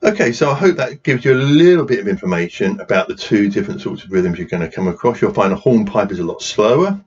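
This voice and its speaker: A man's voice: lowish voice, lively intonation, fast talker, a little mellow. A man running a drumming workshop, patiently explaining rhythms and counting beats aloud while he plays. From England. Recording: dull lo-fi sound with noise.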